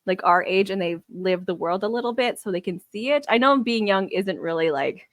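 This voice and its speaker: A woman's voice: medium pitch, animated, brisk, no room sound, studio quality. A woman co-hosting a podcast in casual chat, talking frankly with swearing and acting out what others said. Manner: frank, swears, quotes others in reenacted lines. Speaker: podcast co-host.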